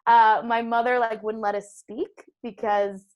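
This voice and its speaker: Chatty woman guest with a higher voice. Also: level tone, a little slow, darkish tone, clear, resonant tone, muffled recording. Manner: chatty storyteller, enthusiastic. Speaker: podcast guest. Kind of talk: casual podcast chat.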